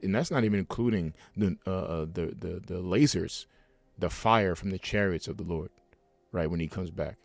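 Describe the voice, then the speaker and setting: A man's voice: deep voice, moderate pace, no room sound. A man preaching a heated, rambling sermon at home, reading scripture and breaking off into fiery asides with many restarts.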